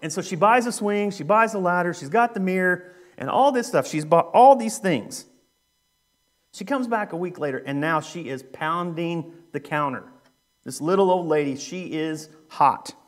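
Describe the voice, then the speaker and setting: A young youth minister preaches in a loose, conversational way, sprinkling his talk with fillers. His voice sits high for a man. He tells a story like he is chatting with friends. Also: expressive, normal speed. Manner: conversational, joking, with frequent fillers. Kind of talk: sermon with a humorous story.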